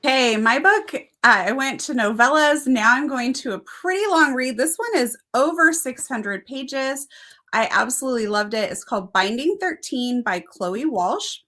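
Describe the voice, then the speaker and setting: A woman's voice: high-pitched, lively intonation, moderate pace, sharp tone. A woman co-hosting a casual book review chat, gushing and earnest.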